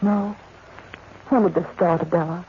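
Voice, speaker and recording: An actress as Jane Eyre, earnest young governess. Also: female voice, fairly low pitch, fairly even intonation, moderate pace, natural voice. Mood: soothing. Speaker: radio drama actress. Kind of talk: 1940s radio acting. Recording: muffled, hissy old radio recording.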